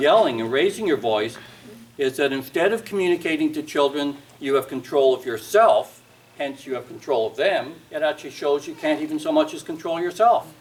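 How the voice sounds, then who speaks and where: Brief: wry man lecturing on discipline, slightly high voice, distant mic with faint noise. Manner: storytelling, acts out quoted parents and kids, wry humor. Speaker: parenting and discipline speaker. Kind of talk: seminar talk with acted anecdotes.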